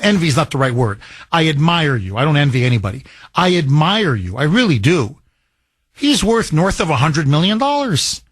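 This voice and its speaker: A man's voice: a little high, big pitch swings, normal speed, breathy edge. A middle-aged man from Canada hosting a talk radio show, delivering an emotional, heated monologue.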